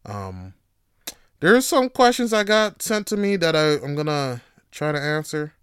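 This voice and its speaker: A man's smooth, resonant voice in a dry, close recording. He rambles through a casual solo podcast, swearing freely and leaning on filler words. When something gets him going, he turns loud and animated. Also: on the high side, unhurried, no room sound. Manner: loose, rambling and profane, with lots of fillers. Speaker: podcast host.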